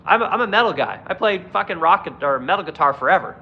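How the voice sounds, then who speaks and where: A man with a high, husky voice rants heatedly about politics into his phone on a live stream, cursing constantly and answering chat with blunt, animated energy. He talks quickly, and the recording is muffled.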